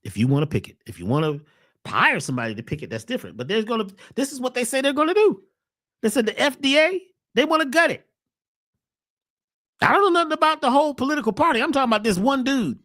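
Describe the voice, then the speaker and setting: A woman's voice: fast talker, dry recording. Woman preaching at you, slangy and emphatic, voice jumps all over, dry close sound. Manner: rhetorical questions, animated swings in pitch and voice. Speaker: host, wellness speaker. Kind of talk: preachy monologue.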